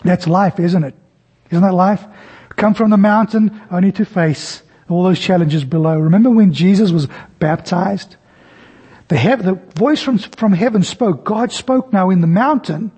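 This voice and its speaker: Husky preacher man in a reverberant hall. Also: normal speed, dark tone. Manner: storytelling, acts out scenes with varied pitch. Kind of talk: sermon.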